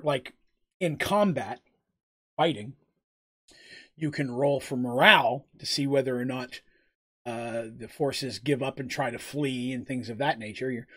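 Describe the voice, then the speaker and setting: A man's voice: medium pitch, bright, forceful tone. A man narrating a tabletop game as game master, casual and rambling with fillers.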